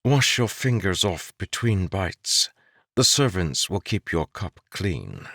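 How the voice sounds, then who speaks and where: A man's voice: sits low, sing-song, slow pace, gravelly, a bit bright, no room sound, voice pushed up, full character voice. A man doing a wry, teasing court jester. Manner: dry teasing banter. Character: wry male court jester, mocking and worldly.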